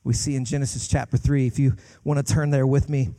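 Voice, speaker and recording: A man, a guest pastor, preaching a sermon with passion, climbing to loud peaks and dropping to hushed lines. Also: mid-range voice, steady tone, brisk.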